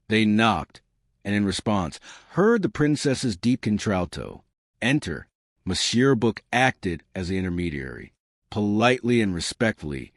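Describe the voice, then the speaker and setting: A man narrating an audiobook in a measured reading style. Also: lowish voice, no echo, clean studio sound. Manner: measured reading, giving characters their own voices. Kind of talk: scripted narration.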